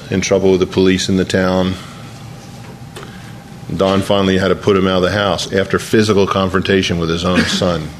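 A man's voice: low-pitched, slight background noise. Man preaching a storytelling sermon. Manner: storytelling preacher who repeats words. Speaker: pastor.

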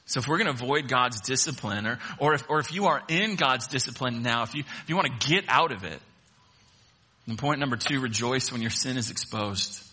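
Bright-voiced man preaching a sermon. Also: medium pitch, fairly quick, breathy edge. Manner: animated, acts out voices of the sailors. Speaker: pastor.

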